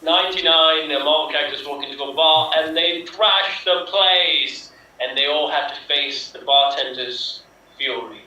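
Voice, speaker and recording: A man telling improv jokes in a dry way, dropping his voice low for the punchline. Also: measured pace, sharp tone, lo-fi sound. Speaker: improv player. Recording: echoey room from far off.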